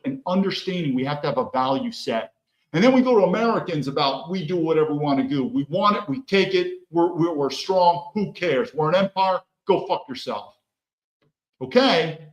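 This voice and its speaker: A man hosting a podcast with heated political commentary, firing off rhetorical questions and swearing freely. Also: on the high side. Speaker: podcast host. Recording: echoey room.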